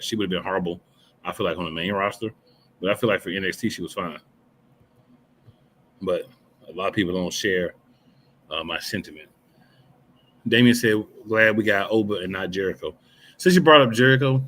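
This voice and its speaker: A man's voice: sits low, fairly bright tone, slight background noise. A man co-hosting a casual wrestling podcast, blunt and dry with a sarcastic edge. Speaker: podcast co-host.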